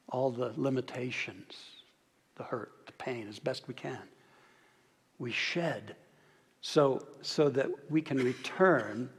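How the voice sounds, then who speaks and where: Male pastor, husky tone, reflective sermon delivery with hushed emphases, recorded in a reverberant sanctuary. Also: a little high. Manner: reflective, drops to soft near-whispers on key words. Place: large church sanctuary. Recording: long reverb of a large hall.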